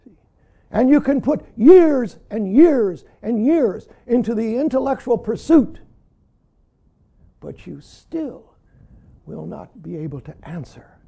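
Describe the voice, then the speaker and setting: Gravelly older man giving a dramatic dharma talk. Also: sits high. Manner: peppers speech with "see", swings from loud emphasis to hushed whispers. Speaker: Zen teacher.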